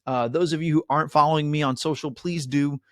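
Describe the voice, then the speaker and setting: A man's voice: on the high side, fairly even intonation, fast talker, no echo, studio quality. A middle-aged man hosting a mortgage webinar, chatty and upbeat, with many fillers and "right?" asides. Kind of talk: webinar presentation.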